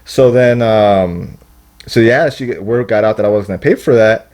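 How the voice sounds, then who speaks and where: A man's voice: lowish voice, normal speed, darkish tone. A young man telling a long story in casual podcast chat, rambling and profane, acting out what people said. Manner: rambling, profane, acts out quotes. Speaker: podcast guest.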